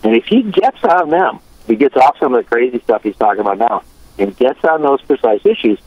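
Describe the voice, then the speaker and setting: Earnest male guest analyst, expressive pitch, lo-fi dry line. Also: brisk, no room sound. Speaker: political correspondent guest. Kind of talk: political analysis.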